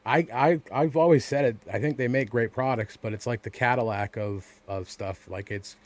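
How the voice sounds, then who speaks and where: A man's voice: medium pitch, moderate pace. A man co-hosting a podcast in casual chat, rambling with frequent stammered restarts and swearing. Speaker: podcast co-host.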